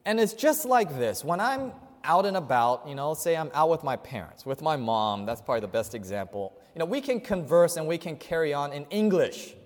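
A male pastor preaching a sermon, asking his congregation questions and swinging between loud emphasis and hushed, quiet passages. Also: on the high side, big pitch swings, fairly quick, few pauses. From Chinese family. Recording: hall reverb.

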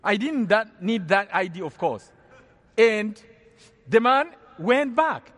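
Here the Rwandan man's voice sits high and moves in a slow, sing-song way with a fairly bright tone. He delivers an earnest storytelling testimony as a preacher, often restarting and repeating himself, recorded with long hall reverb.

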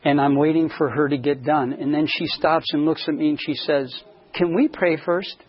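A man preaching as a pastor, telling a story and acting out the dialogue with lively shifts in voice. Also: fairly high pitch, normal speed, breathy edge. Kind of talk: sermon storytelling. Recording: dull lo-fi sound.

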